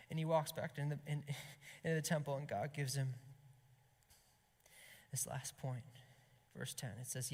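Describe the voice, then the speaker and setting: A man preaching an impassioned sermon to a gathering, swinging between loud emphasis and hushed whispers. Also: mid-range voice, flat delivery, normal speed. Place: gathering hall. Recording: long hall reverb.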